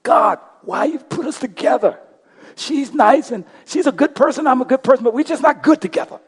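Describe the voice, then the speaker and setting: A grown man screams to heaven, his husky voice thrown up high and loud, words tumbling and breaking off mid-phrase, as a preacher acts him out. He rages in despair, every line pushed to the top of his range. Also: a little fast, in a large hall. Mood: anguished shouting. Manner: screaming, anguished. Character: angry grown man shouting at God.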